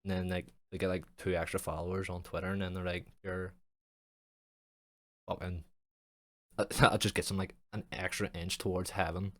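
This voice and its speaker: Low-voiced young man in a sweary podcast ramble. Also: little pitch movement, a little fast, no room sound. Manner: rambling, heavy swearing, jokey. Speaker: podcast host and streamer. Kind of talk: casual podcast chat.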